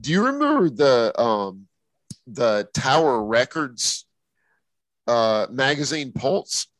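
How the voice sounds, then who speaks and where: A man's voice: medium pitch, very animated, takes it slowly, a bit bright, dry recording, poor audio. A man co-hosting a music show in casual talk, joking and teasing with slangy phrasing. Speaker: radio show co-host.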